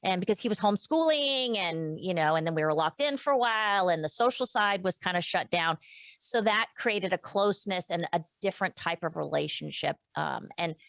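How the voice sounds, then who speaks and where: A woman's voice: fairly low pitch, lively intonation, fairly quick, gravelly, a bit bright, no echo. A middle-aged woman guest speaking candidly and emotionally in a casual interview, with many restarts and fillers. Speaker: podcast guest.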